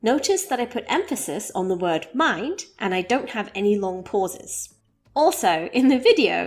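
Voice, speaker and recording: A woman teaching an English expression, speaking clearly and modelling phrases slowly for learners to repeat. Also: mid-range voice, sing-song, soft background music. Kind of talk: scripted English lesson.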